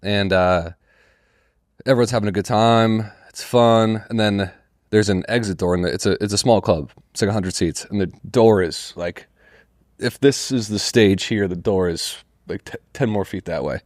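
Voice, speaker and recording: Young guy on a podcast, lowish voice, dry close mic, swears and does everyone's lines. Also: normal speed, no room sound. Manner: animated, swears a lot, acts out quotes. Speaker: comedian podcast co-host. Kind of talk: casual storytelling chat.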